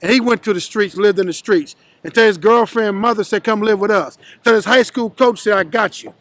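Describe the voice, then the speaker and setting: A man with a very high-pitched voice tells his life story in an interview. He talks bluntly and with plenty of profanity, and he acts out the other people in his story as he goes. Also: brisk, fairly bright tone, no room sound.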